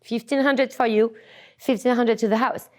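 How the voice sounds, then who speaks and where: Young woman, French accent, slightly high voice, candid profane storytelling, laughing asides. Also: fairly even intonation, moderate pace. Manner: frank and profane, laughs often, drops to hushed asides.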